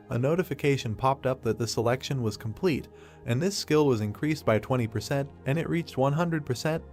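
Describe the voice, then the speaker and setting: A man narrating a story recap from a script, reading at a steady, even pace. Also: medium pitch.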